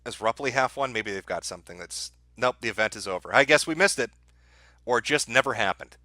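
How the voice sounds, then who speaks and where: A man ranting on his livestream, angry and swearing freely as he vents. His voice is sharp and forceful, and it sits at a mid pitch. The sound is dry and close to the mic. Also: expressive, a little fast, no echo. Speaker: livestream host. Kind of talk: heated livestream rant.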